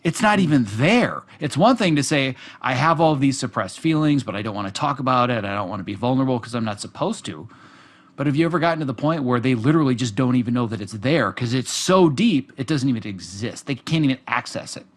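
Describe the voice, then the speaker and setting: A man's voice: mid-range voice, expressive, fast talker. Male podcast host asking probing questions. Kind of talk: conversational podcast interview.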